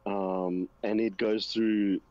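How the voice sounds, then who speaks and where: A man's voice: lowish voice, level tone, slow, a little mellow. A man co-hosting a casual political chat show, laid-back and agreeable. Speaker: co-host. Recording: dull lo-fi mic.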